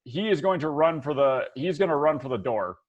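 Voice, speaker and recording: A man's voice: fairly high pitch, lively intonation, brisk, muffled recording. A man running a tabletop game as dungeon master, laughing often and talking loosely with lots of fillers.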